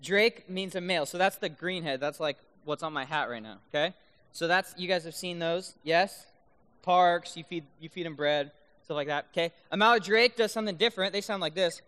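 Youth speaker, male, high and bright voice, playful, keeps asking "right?", long hall reverb. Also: brisk. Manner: playful, keeps checking in with the audience. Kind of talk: youth talk with duck call demos. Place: large room full of high schoolers.

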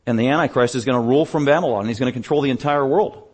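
A man's voice: rapid-fire, few pauses, slightly rough. Emphatic male preacher. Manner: emphatic preaching, rising in pitch and volume on lists. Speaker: pastor. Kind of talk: sermon.

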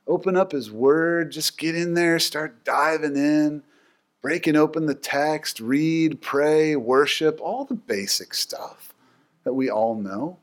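A man's voice: fairly high pitch, slow pace. Chatty man teaching the Bible. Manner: animated, chatty storytelling with many fillers.

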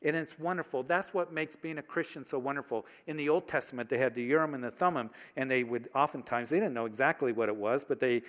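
A man's voice: mid-range voice, fast talker, hardly any pauses, fairly bright tone. A man preaching a sermon as pastor, talking conversationally and asking his congregation rhetorical questions.

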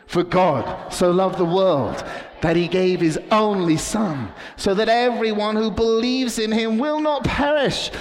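Guy preaching to kids, slow and bouncy, big hall reverb, goes loud then whispery. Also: sits high. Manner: dramatic, swings from excited to hushed. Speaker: children's preacher. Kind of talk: storytelling sermon to children.

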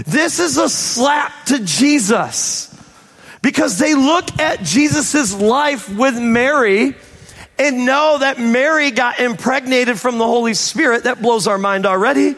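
A man preaching a sermon, animated, with sudden shouts and quick asides. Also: extremely high pitch. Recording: long hall reverb.

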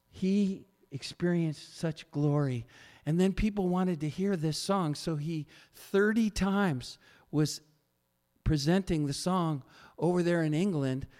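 A man preaching a sermon as pastor, telling stories with animated swings and sudden loud peaks. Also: fairly high pitch. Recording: long reverb of a large hall.

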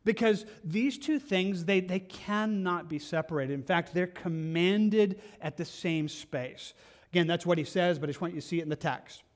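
A man's voice: high-pitched, normal speed. A man preaching a conversational sermon as pastor, earnest and plainspoken, often asking his listeners questions.

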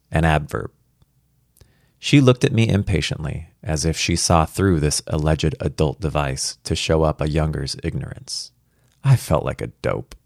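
A man reading a first-person story aloud as a worried father, in an earnest, reflective and quietly anxious way. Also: extremely low pitch, vocal fry, no echo, studio quality.

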